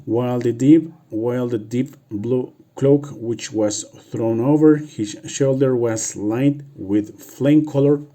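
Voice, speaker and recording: A man whose first language is Spanish reads a novel aloud for practice, halting and restarting words as he goes. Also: medium pitch, mellow. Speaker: reader.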